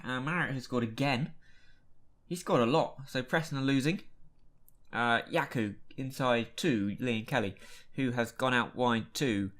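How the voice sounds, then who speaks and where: A man casually commentating his own football management game, chatty and given to exasperated outbursts at what happens. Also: medium pitch. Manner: chatty, reacts loudly to match events with exasperated outbursts. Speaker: gaming YouTuber. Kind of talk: casual Let's Play commentary.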